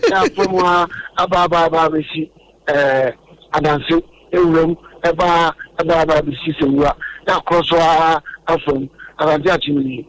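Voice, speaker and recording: A man's voice: on the high side, fairly even intonation, moderate pace, fairly bright tone, poor audio. A man explaining a topic earnestly on a radio discussion, often repeating words as he goes.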